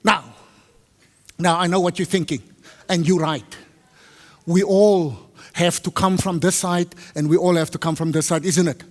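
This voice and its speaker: A man preaching to a congregation, lively and teasing, switching between English and Afrikaans and quizzing his listeners. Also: high voice, moderate pace. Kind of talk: teaching sermon to a congregation. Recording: long hall reverb.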